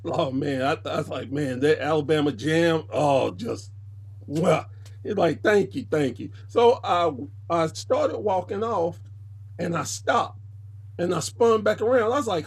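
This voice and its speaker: A man with a slightly higher-pitched voice tells a story as a podcast guest. He talks casually and with animation, jumping into quoted voices as the anecdote unfolds. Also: breathy edge. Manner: animated, jumps into voices when quoting people.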